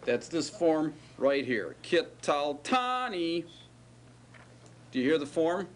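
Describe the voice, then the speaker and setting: A man's voice: on the high side, moderate pace, a little mellow. A middle-aged man teaching a classroom lecture, explaining patiently step by step and checking that his students follow. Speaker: Hebrew teacher.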